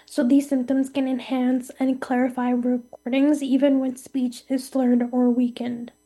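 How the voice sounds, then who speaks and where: High, mellow-voiced woman reading steadily. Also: unhurried. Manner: steady reading with frequent ums. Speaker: co-host. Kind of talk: scripted podcast chat on voice technology.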